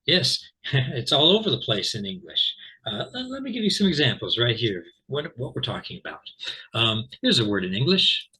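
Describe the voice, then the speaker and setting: A man's voice: mid-range voice, big pitch swings, normal speed, sharp tone, slightly rough, low-quality recording. A man teaching English pronunciation in an informal online lesson, rambling with lots of fillers and restarts and checking in with "okay?". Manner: explains patiently, checks in with "okay?".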